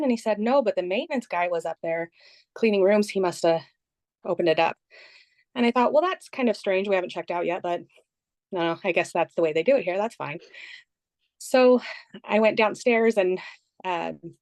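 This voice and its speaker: A woman's voice: on the low side, dry recording. Woman retelling an ordeal, dry room. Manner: animated retelling, quoting others. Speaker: interviewee. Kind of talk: conversational storytelling.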